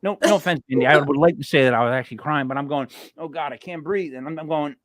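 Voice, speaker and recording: A man's voice: fairly high pitch, rapid-fire, no echo. A man hosting a podcast in rambling, joking casual chat, stuffy and short of breath. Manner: rambling, joking, self-mocking. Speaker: podcast host.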